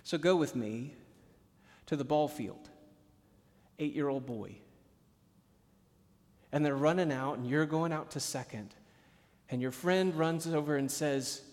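A man preaching a sermon as a pastor, telling stories and moving from hushed, low passages to emphatic ones. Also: animated, a little slow. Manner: storytelling, swings from hushed to emphatic. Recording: long hall reverb.

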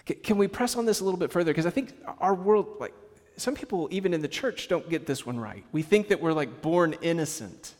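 A man's voice: fairly high pitch, animated, a little fast, a little mellow, long reverb tail. A man preaching a sermon in a conversational way, with casual asides and rhetorical questions to the congregation.

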